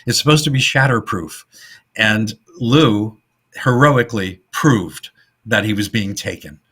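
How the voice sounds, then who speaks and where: Middle-aged male podcast co-host, bright and husky, lively storyteller. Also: on the low side, measured pace. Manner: animated retelling, acts out quoted lines in funny voices. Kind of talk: casual film discussion.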